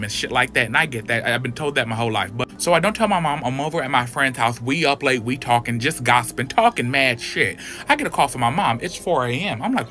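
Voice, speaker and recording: A man tells a casual, profane storytime with lively, swooping pitch and a fast, tumbling pace. His voice is bright and forward, and faint music plays behind him. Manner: animated, profane, acts out quotes. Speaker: storyteller in a played clip.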